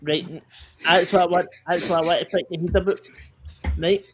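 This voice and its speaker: Rambling Scottish man, slightly high voice. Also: steady tone, moderate pace, background noise. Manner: rambling, restarts, emphatic. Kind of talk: casual livestream chat.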